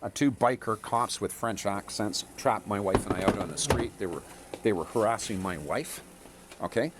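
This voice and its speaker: A man's voice: on the low side, normal speed, very noisy. A man in a rambling monologue to viewers, emphatic and checking in with "okay?" and "eh?". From Canada.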